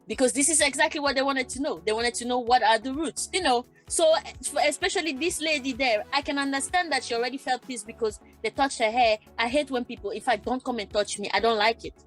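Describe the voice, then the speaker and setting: Animated woman panelist, higher voice. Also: quick pace, few pauses, soft background music. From Germany. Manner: animated, acts out quoted exchanges, repeats herself. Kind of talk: panel discussion.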